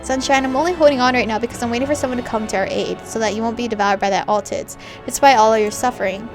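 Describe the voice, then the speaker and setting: A woman reading the lines of a dying young man who keeps joking calmly in a game story, with soft game music under her. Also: on the high side, fast, lightly acted. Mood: wry.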